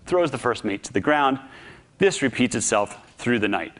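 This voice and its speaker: A man giving a public talk, telling a story in an animated, humorous, conversational way. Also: mid-range voice, normal speed. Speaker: speaker.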